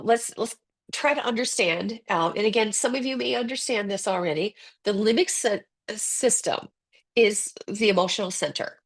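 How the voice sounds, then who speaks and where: A woman giving a conversational webinar lecture as a coach, lively and animated, acting out quoted voices. She speaks close to the mic. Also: mid-range voice. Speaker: ADHD coach presenting a webinar.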